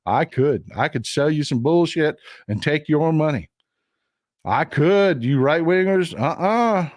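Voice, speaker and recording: A man hosting a casual political livestream in a blunt, emphatic way, hammering points with short repeated phrases. His voice sits a little high for a man and swings up and down as he presses a point. The sound is close and dry, with almost no room behind it. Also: lively intonation, measured pace, no room sound. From Texas. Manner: reads out viewer comments and thanks donors. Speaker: livestream political commentary host. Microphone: streaming setup mic.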